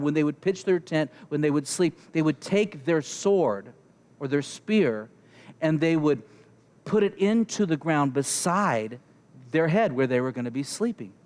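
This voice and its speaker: Young guy preacher telling a story, high voice, acts out all the dialogue. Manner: animated, acts out characters and dialogue. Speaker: pastor. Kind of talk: sermon storytelling.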